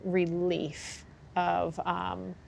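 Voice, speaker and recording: A woman horse trainer talks candidly in an interview, her voice sitting a little low. She tells stories in an animated, open way with plenty of fillers. A faint background hiss runs under the conversation. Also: extremely slow, creaky. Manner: animated, acts out quoted reactions, frequent fillers.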